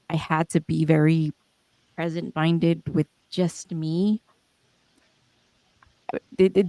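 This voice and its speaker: A woman's voice: low-pitched, gravelly, a little mellow, no echo. A young adult woman, the founder and host of a podcast, talking in a candid and emotional way with many restarts and fillers, swearing now and then. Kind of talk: reflective casual talk.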